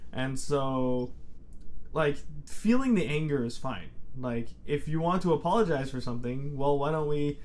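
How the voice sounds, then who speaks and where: A man's voice: fairly high pitch, expressive, moderate pace, a little mellow. A man who works as a therapist, talking on a podcast in a reflective way and explaining his approach at length. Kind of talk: casual podcast chat.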